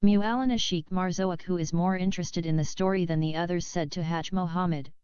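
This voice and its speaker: A woman reading a novel aloud in a measured, steady way, close to the mic, on a slightly dull lo-fi recording. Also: on the low side, smooth, no echo. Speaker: audiobook reader.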